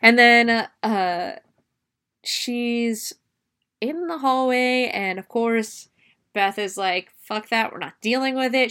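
A woman's voice: on the high side, fairly bright tone, clean tone. A young woman casually recapping a film scene by scene, chatty and swearing freely. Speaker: movie reviewer. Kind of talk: casual spoken movie recap.

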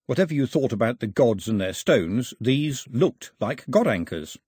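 A man's voice: medium pitch, sing-song, moderate pace, darkish tone, breathy edge, dry recording, studio quality. A man voicing a blunt, hot-tempered island boy. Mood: earnest. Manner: urgent, blunt.

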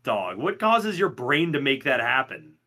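A man co-hosting a casual podcast, reacting with loud, incredulous, teasing questions. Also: medium pitch, very animated, a little slow. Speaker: podcast co-host. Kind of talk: casual chat.

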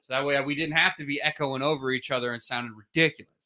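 A man hosting a casual sports podcast, telling stories in an animated way and swearing freely. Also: mid-range voice, fast talker. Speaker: podcast host.

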